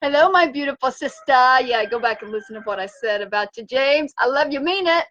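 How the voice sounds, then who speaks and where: A woman hosting a motivational wellness livestream from her home, bubbly and animated, chanting and cheering. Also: sits high, fairly quick. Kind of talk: upbeat motivational livestream chat. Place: home in Fiji by the sea. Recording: dull lo-fi sound.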